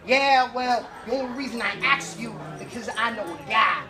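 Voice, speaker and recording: A man's voice: very high voice, lively intonation, normal speed, crowd noise. A man voicing a blunt, rambling, very old woman who is nosy and speaks ungrammatically.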